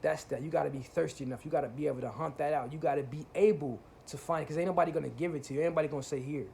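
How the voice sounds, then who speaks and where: A man's voice: a little high, steady tone, rapid-fire, vocal fry, dark tone, slight background noise. A man talking to camera in a casual spiritual monologue, preachy and profane, often asking if listeners feel what he's saying. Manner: preachy, repeats "you feel what I'm saying", swears freely. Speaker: channel host.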